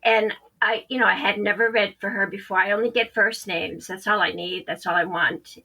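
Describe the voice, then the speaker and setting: A woman's voice: medium pitch, fairly even intonation, normal speed, bright, forceful tone, poor audio. A woman psychic medium, a podcast guest, telling a story animatedly and acting out the quoted dialogue.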